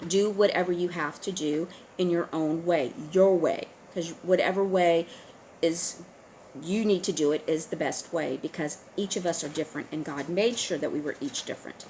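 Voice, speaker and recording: A woman talking straight to her viewers in a casual monologue, earnest and urging, often pausing on fillers and restarting. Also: lowish voice, a little mellow, a little hiss or hum, poor audio. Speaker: online video host. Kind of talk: casual direct-to-camera monologue.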